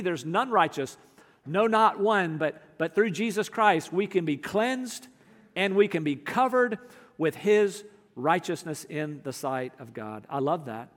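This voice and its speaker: A man preaching a sermon as pastor, earnest, moving between emphatic lines and hushed ones. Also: high voice, unhurried, long reverb tail.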